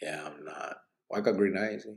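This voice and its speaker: A man's voice: low-pitched, moderate pace, gravelly, a little mellow. Sleepy man reading chat aloud. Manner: laid-back, joking, drops Spanish slang. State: sleepy, yawning. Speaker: livestream podcast host. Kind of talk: casual live chat, reading viewer comments aloud.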